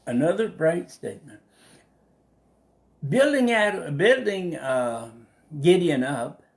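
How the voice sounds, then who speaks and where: A man leading a casual live Bible study, animated and laughing as he acts out the people in the story. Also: fairly high pitch. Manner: animated, laughing, acting out quotes.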